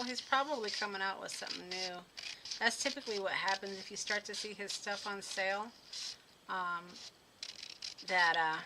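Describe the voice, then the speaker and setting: A woman hosting a live card-making demo, talking easily as she works and musing aloud about what to do next. Her voice sits at an ordinary middle pitch. A clear clicking noise runs steadily behind her. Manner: chatty, thinking aloud while working. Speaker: card-making tutorial host. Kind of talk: live craft demo chat.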